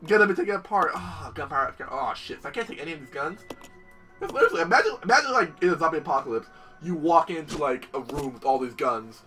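A young man commentating his gameplay, excitable and profane, talking straight to the game and its characters. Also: a little high, fast, distant mic, soft background music. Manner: excitable, swears a lot, talks to the game and its characters. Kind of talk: let's play commentary.

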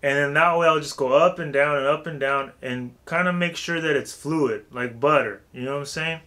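A man giving a casual vocal warm-up tutorial, talking loosely with lots of filler phrases. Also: fairly high pitch, normal speed. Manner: loose and chatty, heavy with "like" and "you know what I'm saying".

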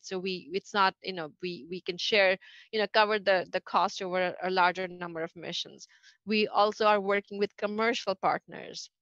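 A middle-aged woman speaks quickly in an interview, stumbling through fillers and restarts. Her voice sits at an ordinary pitch. The sound is dry and a bit dull, like a video call. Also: fairly bright tone, no echo. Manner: fast, halting, many fillers and restarts. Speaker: NASA associate administrator, interview guest. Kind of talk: conversational interview answers.

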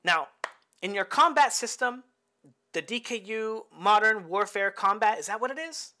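A man's voice: high-pitched, expressive, normal speed, sharp tone. A man who coaches boxing, breaking down fight film in an explanatory way and often checking in with the listener. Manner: explanatory, keeps checking in with "right?" and "okay?".

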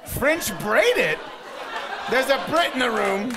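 A man's voice: very high-pitched, sing-song, slow pace, gravelly, noisy background. A man emceeing a burlesque show, bantering bawdily with the audience in live stand-up style. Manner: bawdy, teasing, quizzes the crowd. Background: laughing crowd.

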